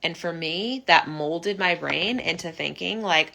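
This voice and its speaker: A young woman telling her own recovery story in an earnest, heartfelt monologue, often halting and restarting. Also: fairly low pitch, gravelly, bright, forceful tone. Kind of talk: personal reflective monologue.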